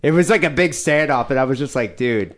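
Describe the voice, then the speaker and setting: A man's voice: fairly high pitch, quick pace, fairly bright tone. A man in his forties hosting a podcast, telling stories in casual chat and acting out the people he quotes. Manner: storytelling, acts out quoted people, laughs often. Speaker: podcast host.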